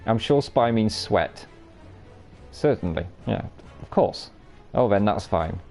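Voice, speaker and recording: A man's voice: fairly low pitch, lively intonation, slow, gravelly, a little mellow, soft background music. Swearing, bantering male game streamer. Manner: banter-filled, swears freely, teases chat. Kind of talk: live gameplay commentary chatting with viewers.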